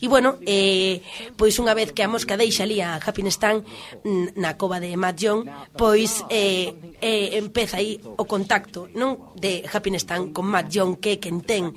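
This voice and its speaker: A woman host giving casual spoken commentary, halting and restarting often. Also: mid-range voice, steady tone. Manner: halting, with many fillers and restarts. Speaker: radio host.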